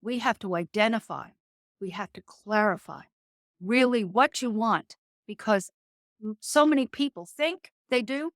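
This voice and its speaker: A woman guest on a faith and business podcast who speaks in an earnest, measured, motivational way and slows down to stress key words. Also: mid-range voice, expressive, no room sound, studio quality. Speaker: guest entrepreneur. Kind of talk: faith-based business interview.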